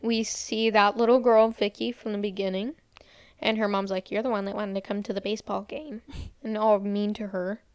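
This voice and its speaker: Casually recapping a film as a podcast co-host, a young woman quotes characters and says "like" again and again while retelling scenes. Her clean, mid-range voice holds a level tone at normal speed, recorded in a clean studio with no room sound.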